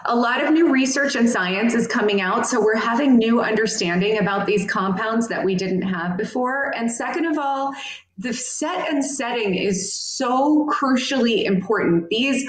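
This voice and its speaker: A woman's voice: fairly high pitch, normal speed. A woman guest on a podcast, speaking in an earnest, thoughtful way with frequent "um" and "like" fillers. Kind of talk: casual interview chat. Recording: echoey room.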